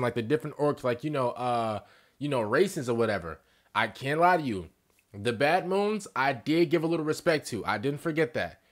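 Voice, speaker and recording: A young man comments on a video he is watching, breaking into excited slang and stutters as he mocks what he hears. His voice sits fairly high and jumps around a lot. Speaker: reaction streamer. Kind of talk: reaction commentary.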